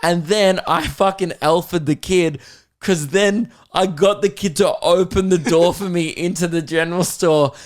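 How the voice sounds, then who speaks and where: A young Australian man hosting a comedy podcast, telling a story casually, swearing and laughing as he goes. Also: unhurried. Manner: swearing, laughing, mimicking kids in a high voice.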